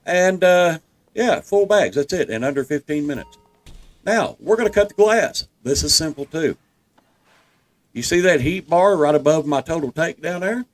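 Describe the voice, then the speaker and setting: This gameplay guide's voice sits on the higher side, with lively intonation and a moderate pace. He speaks with a Southern US accent, offering homey, comforting narration that takes viewers step by step through the game.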